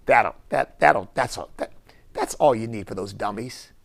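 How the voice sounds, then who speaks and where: A man's voice: on the low side, lively intonation, moderate pace, creaky, slight background noise. A man, a bishop, giving impassioned preaching-style commentary full of rhetorical questions.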